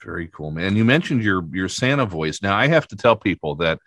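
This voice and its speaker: A man hosting a relaxed interview, cracking jokes in an easygoing way. His voice sits fairly low with a bright tone, close and dry on the mic. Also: a little fast, no room sound. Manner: joking, easygoing. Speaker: podcast host. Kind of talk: casual interview chat.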